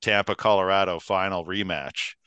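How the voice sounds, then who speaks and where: A man's voice: deep voice, fairly even intonation, moderate pace, pushed and bright, clear, resonant tone, no room sound, dull audio. A man co-hosting a college radio hockey show, chatting casually in a laid-back, rambling way with plenty of fillers. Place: radio studio.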